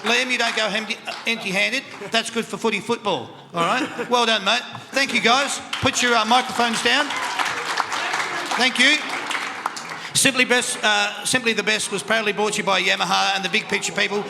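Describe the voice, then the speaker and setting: A man's voice: high-pitched, steady tone, moderate pace, gravelly. Upbeat Australian man hosting a quiz. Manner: upbeat, chatty, laughs often. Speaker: quiz host. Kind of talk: live panel show quiz hosting. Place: country club function room. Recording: reverberant hall with crowd noise.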